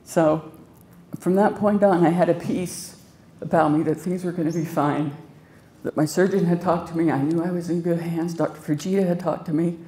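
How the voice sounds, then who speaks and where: A woman's voice: on the low side, fairly even intonation, moderate pace, dark tone. A woman who received an organ transplant tells her story to a live audience in an earnest, conversational, grateful way. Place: festival stage before an audience.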